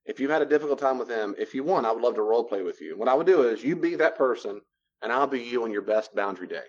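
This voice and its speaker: A man's voice: medium pitch, animated, quick pace, dull audio. A man teaching a class on personal boundaries in a conversational lecture style, repeating phrases for emphasis. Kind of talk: classroom lecture with role-play.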